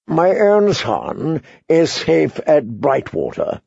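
A man voicing a frightened, pompous older high-born lord who pleads in a shrill voice. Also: wildly swooping pitch, slow pace, gravelly, darkish tone, breathy edge, dry recording, highs cut off, heavily acted. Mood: fussy, self-pitying. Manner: shrill pleading, then fussy self-pity.

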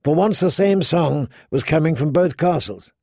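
Male storyteller, fantasy narration, raised pitch, dry close sound, deliberate dramatic pacing. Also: vocal fry, darkish tone, no room sound. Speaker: audiobook narrator.

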